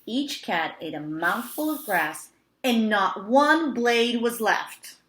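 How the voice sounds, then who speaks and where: Slow, expressive woman reading aloud. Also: fairly high pitch. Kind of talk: children's read-aloud. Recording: roomy echo.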